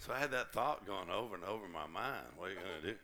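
A male pastor preaching a sermon to a conference congregation, lively and humorous, acting out little quoted exchanges. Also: low-pitched, fast talker, crowd noise. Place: church conference.

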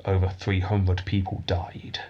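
Brief: male podcast host, low husky voice, dry joking history storyteller. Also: completely flat delivery, a little slow, lo-fi sound. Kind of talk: casual history podcast chat.

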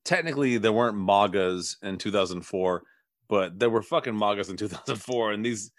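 A man co-hosting a casual podcast, talking about films in halting bursts with frequent restarts and casual swearing. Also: fairly low pitch, dry recording, clean studio sound. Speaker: podcast co-host. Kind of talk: casual film discussion.

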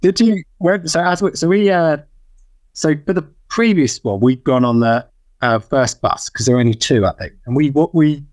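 A man's voice: a little high, normal speed, darkish tone, no room sound. A man who is a podcast guest, telling an anecdote animatedly with false starts. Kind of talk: casual chat.

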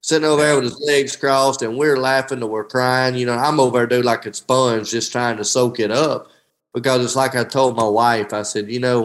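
A middle-aged man with a drawl tells fishing stories in a relaxed interview. He speaks in a folksy, heartfelt way, keeps saying "dude," and trails off and restarts his sentences as he goes. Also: mid-range voice, poor audio. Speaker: professional angler, guest. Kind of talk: emotional casual interview.

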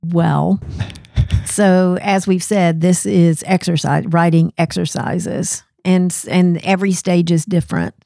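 Woman co-host for a casual panel chat; husky-low, gravelly texture, dry studio sound, reflective and tentative. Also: steady tone, unhurried, warm tone, no room sound. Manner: thinks aloud, self-questioning, laughs easily. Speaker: curriculum podcast co-host.

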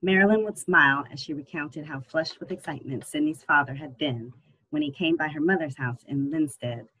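An audiobook narrator tells a novel in a steady, even storytelling manner. The voice is husky and sits at a middling pitch. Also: rough recording. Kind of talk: scripted narration.

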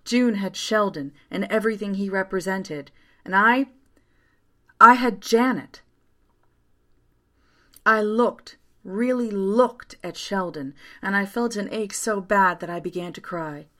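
A woman narrating a first-person story aloud in a quiet, steady way. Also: medium pitch, measured pace.

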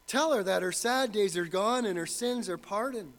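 A man's voice: sits high, normal speed, a bit bright. Earnest male pastor preaching. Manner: earnest, rising to fervent emphasis. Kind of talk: sermon.

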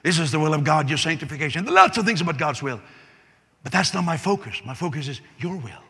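A man's voice: fairly high pitch, lively intonation, quick pace, a bit bright, husky. A man preaching a sermon as pastor, earnest and repetitive, building to a fervent prayer. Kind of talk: sermon with altar call. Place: large church hall. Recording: long echo of a large hall.

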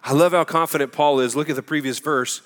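A man preaching a sermon in an energetic, emphatic, conversational way. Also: on the high side, quick pace, big-room sound. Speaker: pastor.

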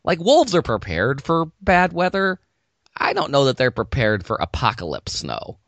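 A man co-hosting a casual chat, riffing in an animated, sarcastic way. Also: mid-range voice, normal speed, no room sound.

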